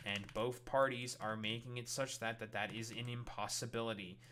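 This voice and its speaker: A man's voice: mid-range voice, steady tone, normal speed, bright, forceful tone. A male streamer delivering a heated, profanity-laden political rant while reacting to clips. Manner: heated, swears constantly.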